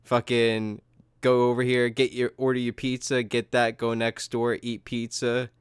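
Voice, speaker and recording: A man's voice: mid-range voice, completely flat delivery, a little slow, clean tone, no room sound, clean studio sound. A man hosting a podcast in casual chat, swearing freely, laughing often and filling his talk with "like" and "dude". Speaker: podcast host.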